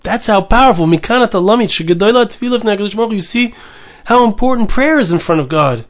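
Man, high voice, earnest Torah sermon, repeats phrases, Hebrew terms mixed in. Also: lively intonation, fast talker.

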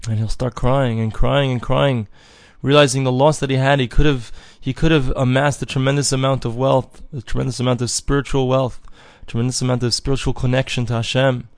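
A man's voice: mid-range voice, no echo, clean studio sound. Earnest man teaching a religious lesson. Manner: earnest teaching, acts out voices in stories. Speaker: Torah teacher. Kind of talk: recorded religious lesson with storytelling.

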